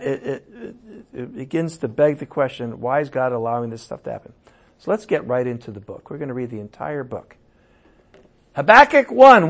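A man preaching a sermon and teaching from scripture, emphatic, with sudden loud raised passages. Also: medium pitch. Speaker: pastor.

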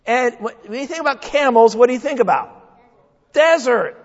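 An older man from New England, a pastor preaching a sermon in a church with folksy, joking, animated delivery. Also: very high-pitched, normal speed, vocal fry. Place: church sanctuary. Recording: dull sound in a long-echo hall.

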